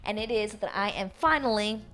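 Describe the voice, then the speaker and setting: A woman casually recapping a reality show, animated and swearing freely as she acts out quotes. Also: medium pitch, moderate pace.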